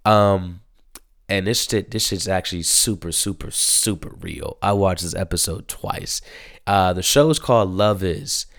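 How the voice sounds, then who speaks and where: A man's voice: low voice, measured pace, fairly bright tone, dry recording, clean studio sound. A man giving a casual spoken review of a TV show, rambling and profane, with many fillers.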